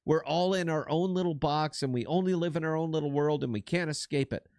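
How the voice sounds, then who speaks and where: A man's voice: fairly high pitch, fairly quick, a little mellow, dry recording, clean studio sound. A middle-aged man co-hosting a political podcast, giving blunt, profane and emphatic commentary. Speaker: podcast co-host.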